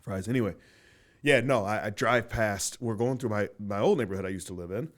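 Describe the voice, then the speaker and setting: Animated male podcast host telling stories. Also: fairly low pitch, brisk. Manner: animated storyteller, swings from loud to mumbled. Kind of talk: casual chat.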